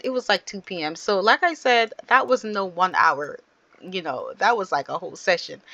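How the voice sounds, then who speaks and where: Speaking to her audience directly, this gaming channel host keeps up relaxed, chatty commentary as she plays. Her voice is mid-range with a sharp edge, and the lo-fi recording has no echo.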